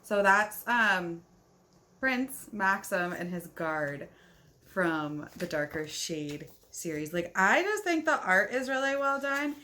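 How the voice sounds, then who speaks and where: A woman book vlogger talks in an unhurried, easygoing way, gushing over what she has read. She fills her casual chat with "like" and sounds relaxed rather than polished. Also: medium pitch, slight background noise. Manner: chatty and gushing, fills speech with "like"; yawning, talking at bedtime. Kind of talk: casual reading vlog chat.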